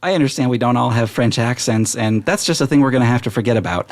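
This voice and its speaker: A man's voice: mid-range voice, quick pace, close to an everyday voice. A man voicing a young, squirrelish female gnome tutor who rambles in a chatty, flustered way.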